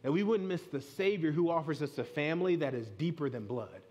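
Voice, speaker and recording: A man's voice: fairly high pitch, animated, fairly quick, darkish tone. A man in his thirties, a pastor preaching a sermon in a church, speaking in an earnest, conversational way and weaving in personal stories. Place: church sanctuary.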